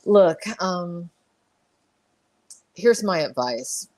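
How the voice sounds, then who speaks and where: A woman hosting a podcast gives measured advice in casual chat, often stumbling and repeating her words. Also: lowish voice, animated, darkish tone. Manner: measured, hesitant, repeats words while reassuring. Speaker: podcast host.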